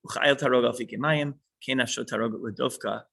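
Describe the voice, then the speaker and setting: A man's voice: mid-range voice, steady tone, normal speed, vocal fry, sharp tone, poor audio. A man teaching a small class who reads a line of text and then patiently unpacks it.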